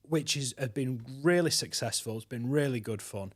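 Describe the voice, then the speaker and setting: A man's voice: mid-range voice, normal speed. A man co-hosting a guitar school podcast, talking in a chatty, casual way and often repeating words as he starts a sentence. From West Yorkshire, England. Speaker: podcast co-host, guitar teacher.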